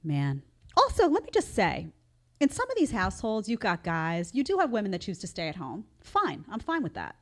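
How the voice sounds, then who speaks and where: A woman's voice: medium pitch, huge pitch swings, moderate pace. A middle-aged woman hosting her own opinion show, talking in an emphatic way with lots of rhetorical questions. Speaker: show host. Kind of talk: opinion commentary.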